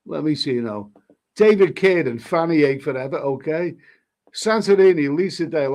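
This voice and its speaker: A man's voice: on the high side, normal speed, a little mellow. Rambling man reading chat. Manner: rambling, stumbles and repeats words. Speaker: livestreamer reading chat comments. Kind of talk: casual live-stream chat.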